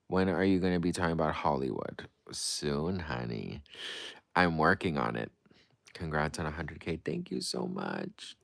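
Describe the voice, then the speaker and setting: With an extremely low, creaky voice and big pitch swings, this man hosts a livestream at a measured pace. He reads out comments and responds with playful drama, moving from breezy to gushing, in clean, echo-free studio audio.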